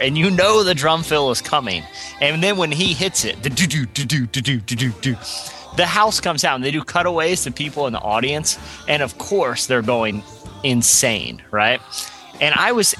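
A man with a bright, forceful voice chats casually as a podcast co-host. He tells his stories with animated, self-mocking energy, and light music plays faintly behind him. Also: medium pitch. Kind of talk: casual chat.

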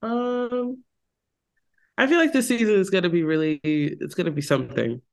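A woman's voice: deep voice, big pitch swings, fast, creaky, darkish tone. Congested woman podcast co-host. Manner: laughs often, repeats phrases. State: congested, nasal from a cold. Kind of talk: casual chat.

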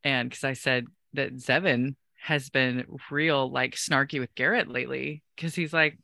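Bright animated woman podcast host. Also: a bass voice, measured pace, creaky, no echo. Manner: animated storyteller, acts out quoted voices. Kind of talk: casual chat.

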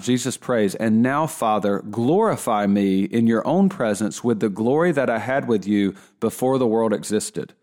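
A man teaching a Bible lesson in a conversational way, with frequent restarts and asides, slowing down to stress key points. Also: medium pitch, a little mellow. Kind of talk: casual teaching talk.

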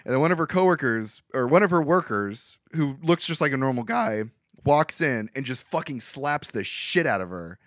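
A man co-hosting a casual podcast, retelling a movie with wry, animated asides. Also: medium pitch, moderate pace, no echo, clean studio sound. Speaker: podcast co-host. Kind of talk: casual movie recap chat.

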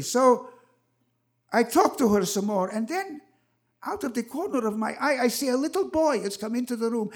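A man's voice: extremely high pitch, expressive, normal speed. A man in his eighties telling a personal story on stage at a live event, vivid and acting out the people in it. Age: 80s.

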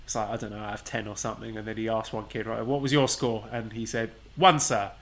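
A man's voice: lowish voice, little pitch movement, quick pace. A man who works as a primary school teacher, co-hosting a podcast and chatting casually with a dry, understated humor. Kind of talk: casual chat.

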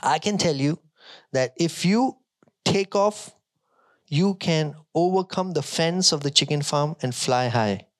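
A preacher playing a wise wild eagle that coaxes and urges a lost friend to fly. The voice is fairly high for a man and sounds dry and close. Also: animated, a little slow, dry recording. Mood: coaxing. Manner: coaxing, persuasive.

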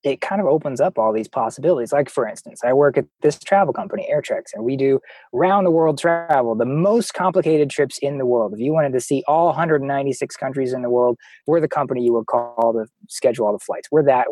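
A man's voice: medium pitch, brisk, darkish tone, no room sound, poor audio. Enthusiastic male podcast guest storyteller. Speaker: podcast guest, travel company marketer. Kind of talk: casual storytelling chat.

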